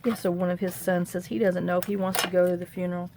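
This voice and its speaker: A woman's voice: on the low side, little pitch movement, quick pace, background noise. A middle-aged woman, chatting folksily with her viewers while she glues and trims a craft project at home, often talking to herself as she works. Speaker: craft vlogger. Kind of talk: casual chat while crafting.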